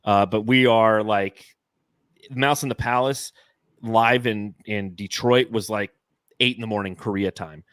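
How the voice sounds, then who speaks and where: His voice sits on the low side, clear and resonant, a bit bright, with fairly even intonation and a slightly slow pace. He's a forty-something co-host of a casual sports podcast from Phoenix, Arizona, telling rambling, profane stories full of fillers. The studio sound is clean and echo-free.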